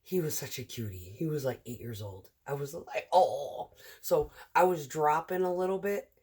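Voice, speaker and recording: A woman's voice: low voice, normal speed, darkish tone, breathy edge. A middle-aged woman who drives a concrete truck, telling rambling work stories in a casual, chatty vlog full of fillers.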